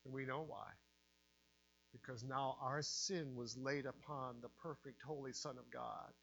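A man preaching a sermon, dropping to a hush and rising to loud cries. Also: mid-range voice, fairly even intonation, unhurried, creaky. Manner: dramatic swings from hushed to loud.

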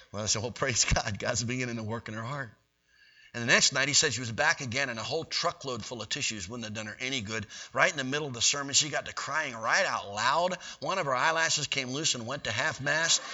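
Fast, bright-voiced folksy preacher. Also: male voice, mid-range voice. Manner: folksy, animated storytelling. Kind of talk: sermon storytelling. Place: church. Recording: dull, distant recording.

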